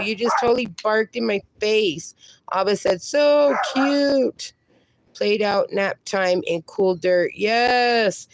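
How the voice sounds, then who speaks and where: Slow-talking woman chatting on a livestream. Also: medium pitch, no room sound. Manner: chatty, reads viewer comments aloud, baby-talks to her dogs. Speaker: livestream host. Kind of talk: casual livestream chat.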